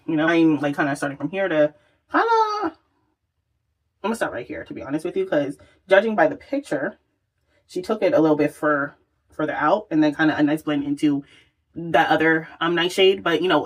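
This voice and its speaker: Chatting her way through a makeup tutorial, this vlogger is exclamatory and curses without restraint. She has a husky voice that leans low.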